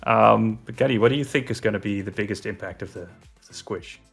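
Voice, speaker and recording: A man hosting a casual podcast chat, upbeat and quick to joke and laugh. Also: fairly low pitch, gravelly, a bit bright, slightly rough, faint music behind. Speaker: podcast host.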